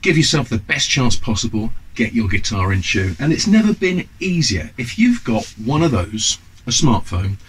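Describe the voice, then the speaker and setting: Chatty husky-voiced man teaching guitar. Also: medium pitch, very animated, normal speed, poor audio. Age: 50s. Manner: chatty, enthusiastic, lots of ums and asides. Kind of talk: casual instructional talk to camera.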